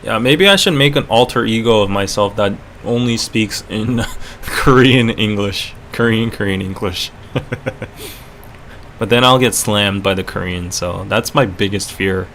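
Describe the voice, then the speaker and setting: A man's voice: on the low side, measured pace, fairly bright tone, slight background noise. A man hosting a casual live stream, laid-back, laughing often and correcting himself mid-sentence. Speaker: podcast host.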